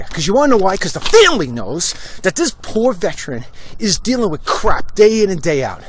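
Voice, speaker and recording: A man's voice: high-pitched, big pitch swings, fairly quick, slight background noise. Fired-up man ranting on a street walk. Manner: blunt, fired-up, heated. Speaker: political commentator. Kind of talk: walk-and-talk livestream rant. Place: outdoors on a street. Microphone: phone held while walking.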